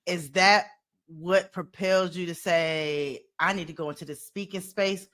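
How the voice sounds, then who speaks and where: A woman's voice: fairly low pitch, steady tone, a little slow, fairly bright tone. A woman hosting a coaching podcast, interviewing her guest in an enthusiastic, affirming way.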